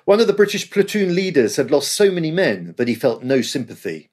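A man's voice: fairly high pitch, big pitch swings, a little fast, darkish tone. A man reading scripted history narration with a dramatic storytelling delivery. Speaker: podcast host.

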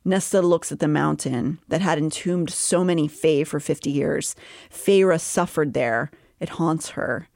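A woman with a fairly low voice recaps a fantasy novel for a podcast, chatty and casual. She breaks into quick jokey voices for the characters now and then. The sound is dry and close. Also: vocal fry, a little mellow, no echo. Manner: summarizes plot, slips into quick silly voices for characters. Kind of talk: casual book recap chat.

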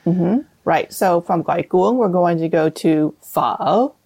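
A woman from Vietnam, a cookbook author guest in a casual interview, explaining things in a relaxed way and laughing often. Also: fairly low pitch, slow pace, creaky, husky, no room sound.

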